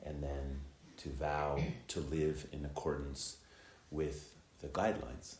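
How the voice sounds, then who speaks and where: A middle-aged man giving a dharma talk as Zen teacher and preceptor, reflective and unhurried, with many ums and uhs. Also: rumbling low, level tone, darkish tone, a little hiss or hum. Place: temple hall. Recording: echoey temple hall, faint ambience.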